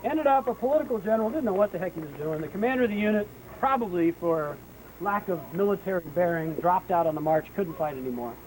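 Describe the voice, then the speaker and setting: A man guiding an outdoor battlefield tour, telling history as a lively story and acting out what people said. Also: sits high, quick pace, rough recording. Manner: lively storyteller, acts out quotes. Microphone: hand-held camera. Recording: outdoor camcorder recording with noise.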